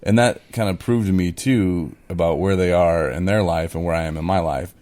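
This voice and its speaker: A man's voice: low voice, normal speed, darkish tone. A man co-hosting a podcast in casual chat, full of "you know" fillers, acting out his own replies as he retells them. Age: adult in recovery, speaking of early sobriety. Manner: conversational, with many fillers, acts out his own quoted replies. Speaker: podcast co-host.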